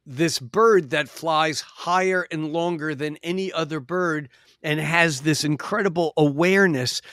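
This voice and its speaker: A man talking as a guest astrologer in a casual podcast chat, his voice a bit higher than most men's. He explains things expansively, restarting his sentences as he goes. The sound is close and dry on a podcast mic. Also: fairly bright tone, no room sound. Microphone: podcast microphone.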